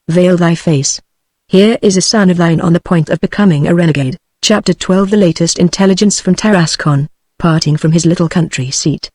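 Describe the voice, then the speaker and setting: British tts lady reading a novel, flat machine delivery, dry close sound. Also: fairly low pitch, dry recording. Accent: British English. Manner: even, unvaried synthetic reading, reads punctuation aloud. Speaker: narrator. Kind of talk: text-to-speech audiobook narration.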